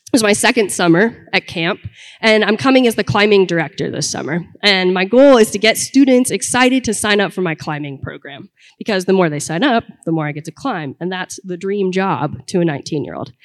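A woman's voice: mid-range voice, animated, fairly quick. Young woman telling a comic story in a reverberant hall. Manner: conversational, comic, builds to punchlines. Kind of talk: personal story told to an audience.

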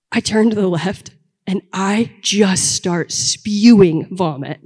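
A woman's voice: medium pitch, moderate pace, a little mellow, breathy edge. A young woman telling a personal story to an audience in a conversational, comic way that builds to punchlines. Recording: long hall reverb.

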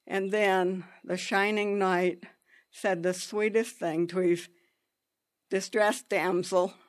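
A woman telling a personal story in an unhurried, halting way, with pauses and restarts. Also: mid-range voice, little pitch movement.

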